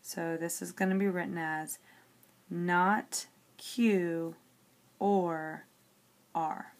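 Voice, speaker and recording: Slow, low-pitched woman teaching step by step. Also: fairly even intonation. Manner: step-by-step explaining, checking in with "okay". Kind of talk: classroom lesson, working an example on paper.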